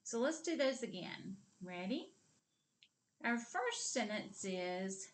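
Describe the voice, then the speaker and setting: A woman with a Southern US accent teaching a kindergarten reading lesson, repeating words slowly and clearly for young children. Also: mid-range voice, sing-song, slight background noise. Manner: slow, sing-song, repeats words for children.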